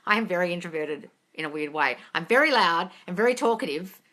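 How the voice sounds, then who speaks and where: A woman's voice: lowish voice, lively intonation, a little fast, sharp tone. A woman hosting a livestream Q&A, answering viewer questions in a blunt, profane, exasperated way and calling listeners darling.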